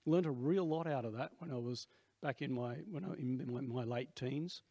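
A pastor in his sixties with an Australian accent preaches a rambling, conversational sermon full of asides. His voice is mid-range and dark in tone, at a moderate pace, with no room sound.

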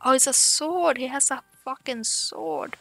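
A woman's voice: high-pitched, a little slow, a bit bright, no echo. A woman casually commenting as she plays a game, chatty and swearing, laughing at herself. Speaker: let's play host.

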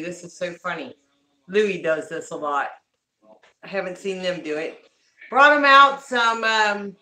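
Chatty woman, bright voice, echoey room. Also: medium pitch. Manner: chatty, greets viewers by name, talks to her animals. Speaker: livestream host talking to viewers. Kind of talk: casual livestream chat. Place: home with pets, by a window.

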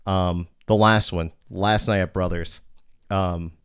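A man's voice: deep voice, fairly even intonation, slow pace, clean tone, no echo, studio quality. A man in his thirties hosting a podcast, telling a bouncer story in a blunt, profane, casual way.

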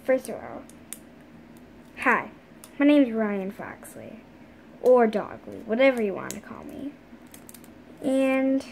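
A chatty young girl puppy rambles through little asides in a high, bright voice, as a woman plays her. It is a home-made toy pet play. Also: slight background noise, exaggerated voice. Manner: rambling, fast asides to herself. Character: chatty young female dog pet, schoolgirl.

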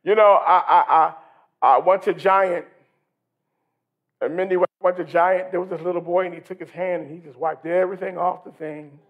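A male pastor preaching a sermon in a church service, animated and building to shouts, asking the congregation questions. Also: high voice, normal speed, highs cut off. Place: church sanctuary during a worship service.

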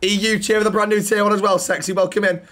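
A man chats through a game stream in a raised, slightly high voice. He swears freely and throws teasing banter at the other players. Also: flat delivery, quick pace, fairly bright tone. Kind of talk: casual game-stream chat.

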